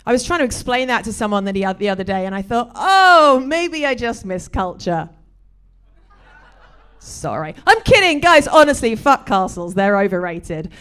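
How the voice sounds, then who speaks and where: A middle-aged British woman from Britain performing a stand-up set, deadpan and bawdy. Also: mid-range voice, brisk, hardly any pauses, smooth. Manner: dry, deadpan delivery with bawdy jokes. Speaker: stand-up comedian.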